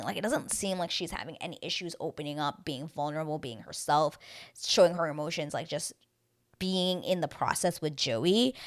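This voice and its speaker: A woman's voice: low-pitched, fairly bright tone. A young woman recapping a dating show in casual chat, talkative and full of fillers, often acting out quotes. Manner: chatty, many fillers, acts out quotes. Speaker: recap vlogger.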